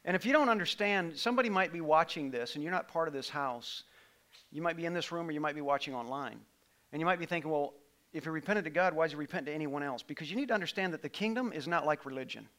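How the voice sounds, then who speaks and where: A middle-aged male pastor with a high, bright voice, preaching a sermon in a church sanctuary. His delivery swings from quiet, intimate asides to impassioned, near-shouted appeals to the congregation. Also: lively intonation, fast.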